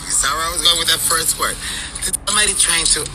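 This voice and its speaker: A man speaks in a distressed, repetitive way about his own experience. His voice sits a little high. Clear background noise runs under him. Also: fast. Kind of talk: personal testimony. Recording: noisy background.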